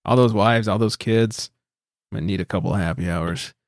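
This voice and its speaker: A man's voice: on the low side, normal speed, no room sound, clean studio sound. A man co-hosting a casual podcast chat. He is laid-back, laughs often and swears freely. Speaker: podcast co-host.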